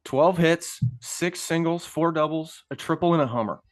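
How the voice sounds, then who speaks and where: A man's voice: fairly high pitch, normal speed. A man co-hosting a casual podcast as a youth baseball coach, talking up his players with enthusiasm.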